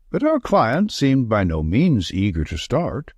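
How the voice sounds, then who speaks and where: A man narrating a classic story in a measured, storytelling manner. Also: mid-range voice, huge pitch swings, a little mellow, breathy edge, no room sound, clean studio sound. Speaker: audiobook narrator. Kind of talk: scripted narration.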